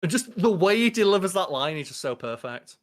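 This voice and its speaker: Man, casual podcast chat, animated, swears freely. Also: sits high, fairly quick. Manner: animated, swears freely, acts out quoted lines. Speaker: podcast co-host.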